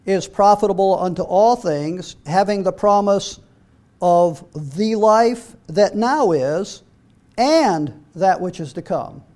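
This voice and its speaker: Middle-aged male preacher, high voice, reads scripture, halting restarts. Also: darkish tone. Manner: repeats words when restarting, reads scripture aloud. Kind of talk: sermon.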